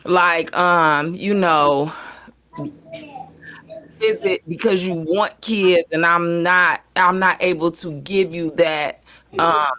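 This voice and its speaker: A woman's voice: fairly low pitch, steady tone, takes it slowly, pushed and bright. A woman hosting a casual panel talk, rambling with many fillers and restarts.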